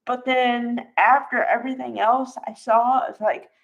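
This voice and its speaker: Slow, chatty woman with a higher voice. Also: steady tone, vocal fry. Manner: chatty, drawn-out, many fillers and asides. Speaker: soap opera recap host. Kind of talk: casual commentary to viewers. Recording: dull lo-fi recording.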